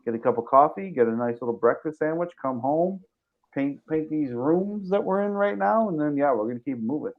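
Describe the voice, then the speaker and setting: A man's voice: a little high, animated, fairly quick, narrow, tinny audio. A man co-hosting a casual late-night show, tipsy and loose, joking and teasing his guests. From Chicago area. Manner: tipsy, loose and joking, talking close into the mic. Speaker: co-host. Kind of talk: casual chat.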